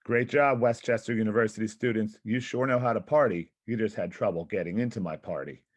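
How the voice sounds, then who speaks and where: A man's voice: fairly low pitch, fairly quick. A man presenting a physical education workshop, upbeat and encouraging as he explains a team-building game.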